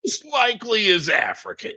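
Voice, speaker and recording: A man's voice: sits high, wildly swooping pitch, normal speed, bright, forceful tone. A man hosting political commentary in a blunt, sarcastic, emphatic way, with a dull lo-fi recording. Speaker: news commentary host.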